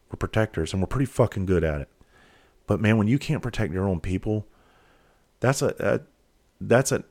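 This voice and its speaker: A man with a very deep voice recounts a painful family moment. His telling is candid and profane. He halts and restarts often as the emotion presses in. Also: a little mellow. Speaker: father telling a personal story. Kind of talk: candid personal storytelling.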